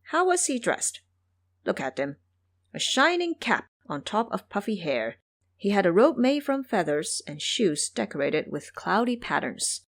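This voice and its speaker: A woman narrating a classic fantasy tale in an audio drama series with expressive storytelling. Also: mid-range voice, unhurried.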